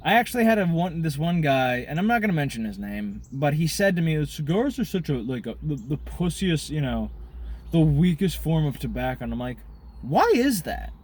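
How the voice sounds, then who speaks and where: A man ranting in a profane monologue to camera, smoking a cigar as he talks, swinging between loud outbursts and muttered asides. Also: a little high, expressive, fairly quick. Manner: smoking a cigar while talking. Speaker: vlogger.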